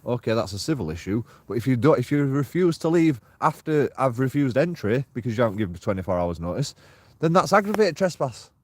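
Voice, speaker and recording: A man's voice: medium pitch, sing-song, fairly quick, no echo. A man livestreaming while walking outdoors at night, rambling, swearing freely and laughing often. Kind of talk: rambling casual livestream chat.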